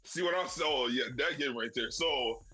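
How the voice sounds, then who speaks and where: A man's voice: mid-range voice, moderate pace, sharp tone, slightly rough, faint music behind, low-quality recording. A man co-hosting a casual gaming podcast, laid-back and laughing often. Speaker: podcast co-host. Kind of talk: casual chat.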